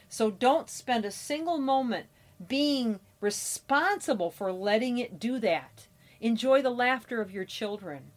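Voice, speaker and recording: Earnest woman hosting a self-help podcast. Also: fairly high pitch. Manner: earnest, anecdotal, many fillers and restarts. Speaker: podcast host. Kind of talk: motivational podcast talk.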